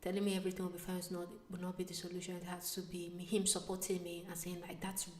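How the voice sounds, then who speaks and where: A young adult woman, not a native English speaker, telling a personal story to camera. She keeps dropping to hushed whispers and then bursting out loud. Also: fairly low pitch, fast talker, a little hiss or hum. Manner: animated, switching between hushed whispers and excited bursts. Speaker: vlogger. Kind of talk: casual storytelling vlog. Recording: echoey room, slightly distant mic.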